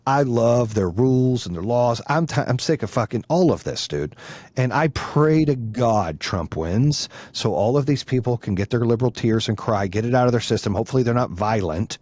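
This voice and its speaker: A man's voice: medium pitch, lively intonation, moderate pace, a little mellow, dry recording. A middle-aged man talking as a podcast guest in casual conversation, blunt and heated, swearing freely and repeating his points for force.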